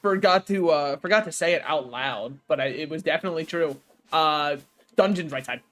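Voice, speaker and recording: A man's voice: a little high, normal speed, fairly bright tone, soft background music. A young man streaming a game, joking and rambling casually and laughing at his own jokes. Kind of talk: casual gaming stream chat.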